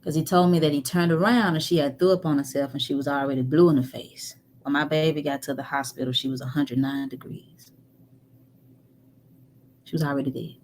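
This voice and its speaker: A woman telling a painful personal story candidly, moving between animated talk and near-whispers. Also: low-pitched, a little fast, a little hiss or hum. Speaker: guest. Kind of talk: emotional storytelling.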